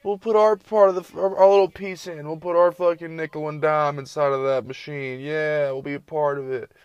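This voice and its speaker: A man voicing an eager, naive little boy in a high, giddy voice. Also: fairly even intonation, fairly quick, clean tone, dry recording, dull audio, natural voice.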